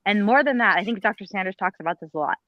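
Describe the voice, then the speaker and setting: A woman's voice: mid-range voice, expressive, quick pace, muffled recording, slight background noise. A woman, a former teacher, speaking on a panel in an emphatic, pleading, blunt way with some mild swearing. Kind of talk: impassioned panel talk.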